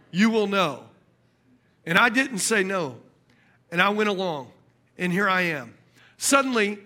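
A man preaching a sermon, telling a funny story and calling out to the congregation. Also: high voice. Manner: animated, jokey, calls out to the congregation.

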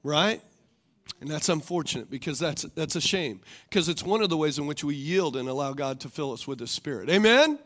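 High-voiced preaching man. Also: expressive, a little fast, fairly bright tone. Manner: rhetorical, calls for congregation responses; repeats questions for emphasis. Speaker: pastor. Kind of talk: sermon.

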